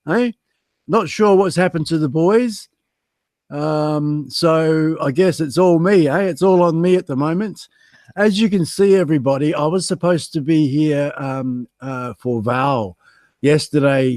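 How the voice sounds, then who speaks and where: Guest-hosting a laid-back livestream, an Australian man with a fairly high, slightly mellow voice reads through the chat, makes self-deprecating cracks about being stood up, and says um and uh a lot. The audio has no echo.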